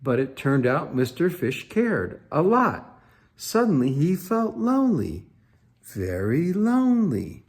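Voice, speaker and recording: A man reading a children's picture book aloud, expressive and playful, with sound effects. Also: fairly high pitch, slow. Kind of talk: storybook read-aloud.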